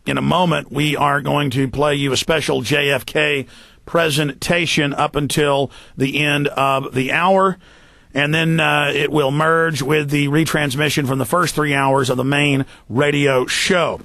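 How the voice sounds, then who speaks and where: A man hosting a talk show, delivering rapid, forceful political commentary with heavy emphasis. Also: fairly high pitch, level tone, vocal fry.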